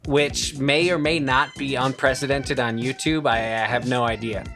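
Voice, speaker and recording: A man giving a casual home-recording tutorial in a relaxed, chatty way with friendly asides, speaking into a studio microphone. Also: medium pitch, moderate pace, soft background music.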